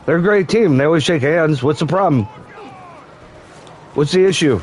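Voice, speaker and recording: A man's voice: a little high, moderate pace, darkish tone, a little hiss or hum, lightly acted. A man voicing a sarcastic farmer uncle who taunts and scorns in rambling rants. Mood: mocking.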